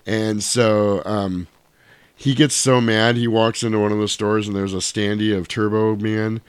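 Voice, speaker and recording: A man's voice: lowish voice, measured pace, clear, resonant tone, dry recording. A man co-hosting a casual podcast, telling stories with lots of swearing and acting out other people's lines. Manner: animated storyteller, swears a lot, acts out lines. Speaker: podcast co-host. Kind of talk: casual chat.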